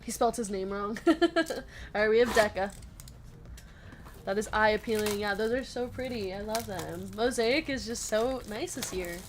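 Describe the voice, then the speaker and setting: A woman hosts a live trading card break, chatty and giggly, calling out the cards she pulls, laughing often between calls, and reading chat comments. Her mid-range voice moves at a moderate pace over background noise.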